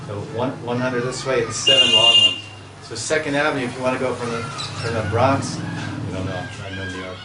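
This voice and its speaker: A man's voice: mid-range voice, noisy background. A man giving a scripture lecture as a swami, chatty and storytelling, often restarting his sentences. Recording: echoey hall, mic at a distance.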